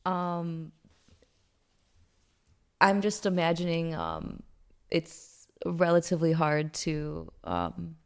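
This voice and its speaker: A woman on a wine panel speaking casually and thoughtfully, pausing often with ums. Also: sits low, animated, clear, resonant tone. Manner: thoughtful, pauses with many ums.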